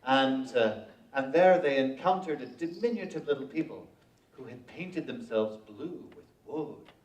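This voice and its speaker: A man's voice: mid-range voice, animated, unhurried, darkish tone, far from the mic. A man performing Celtic folk music who tells jokes and storytelling between songs, speaking to a live audience with dry humor. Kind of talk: live show banter and storytelling. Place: public library event room. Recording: echoey room from off-mic, dull.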